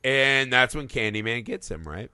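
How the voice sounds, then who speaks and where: A man co-hosting a film podcast in a casual, animated chat, swearing freely and acting out lines from the movie. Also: mid-range voice, normal speed, clear, resonant tone, no echo, studio quality. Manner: animated, swears, acts out quotes in put-on voices. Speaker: podcast co-host.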